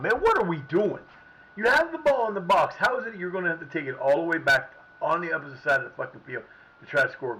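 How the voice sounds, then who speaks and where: A man's voice: a little high, sharp tone, a little hiss or hum, low-quality recording. A man streaming a football management game, talking at his players, often frustrated and swearing. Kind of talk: live gameplay commentary.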